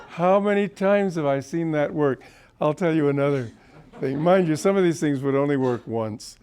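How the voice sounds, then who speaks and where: A man's voice: a little high, expressive, normal speed, a little mellow, slight background noise. A man in his seventies with a sore throat, giving an informal spiritual talk as a teacher and telling anecdotes as a genial storyteller. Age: 70s. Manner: genial storyteller, often chuckling.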